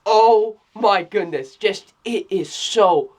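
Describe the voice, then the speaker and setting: This movie reviewer speaks slowly in a mid-range voice, giving an informal spoken review of a film. They exclaim constantly, repeat themselves, restart sentences and often break into laughter.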